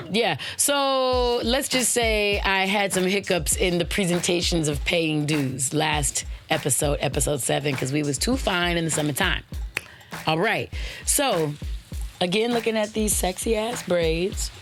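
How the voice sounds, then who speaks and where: Hosting her own podcast, a woman delivers casual motivation with a playful, slangy flair. She spells out web addresses letter by letter and punctuates her talk with high, swooping exclamations.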